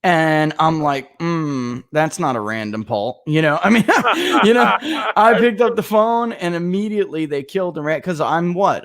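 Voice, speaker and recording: A man in his thirties hosts a casual podcast and tells stories with animated energy. His voice sits a little higher than most men's. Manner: animated storyteller.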